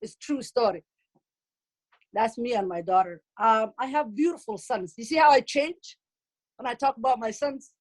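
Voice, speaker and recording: Animated Somali-accented woman, high-pitched. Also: normal speed, long pauses. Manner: animated, teasing, exclaims often. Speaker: comedic speaker at a community event. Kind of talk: comic storytelling.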